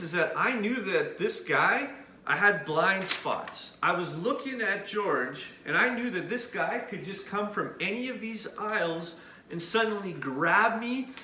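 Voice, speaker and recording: A man from Canada telling a personal story on camera in an animated way, pointing out where things happened. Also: fairly high pitch. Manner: animated, points out spots as he tells it. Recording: echoey room with faint noise.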